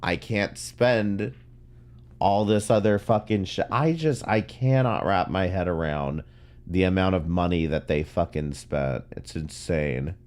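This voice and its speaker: Male commentary host, very low voice, blunt and exasperated reacting to clips. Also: measured pace, darkish tone.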